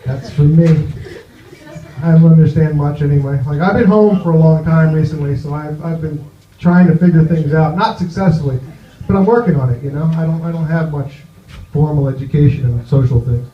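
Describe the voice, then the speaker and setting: Stand-up comic, male, slightly high voice, meandering halting delivery, echoey dull club recording. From New Jersey, USA. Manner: rambling, halting, full of "you know". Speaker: stand-up comedian. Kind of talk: stand-up set. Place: comedy club with live audience.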